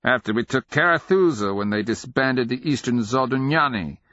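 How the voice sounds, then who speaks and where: A man voicing a hoary, half-mad old male sergeant with a harsh, rasping voice who cackles and rambles in conspiratorial glee. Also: mid-range voice, lively intonation, moderate pace, bright, forceful tone, no echo, highs cut off, voice pushed up. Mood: mischievous.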